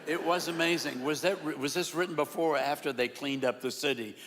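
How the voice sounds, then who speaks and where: A man's voice: fairly high pitch, a little fast, a bit bright. A man hosting a forum conversation in a church hall. He agrees often and talks in short remarks. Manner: agreeable, brief affirmations. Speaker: forum host. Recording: reverberant hall with faint ambience.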